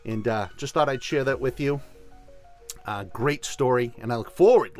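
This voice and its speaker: A man's voice: mid-range voice, normal speed, a little mellow, faint music behind. A man hosting a show, telling a story and giving tips in an enthusiastic, conversational way. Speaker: host. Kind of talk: casual storytelling and instruction.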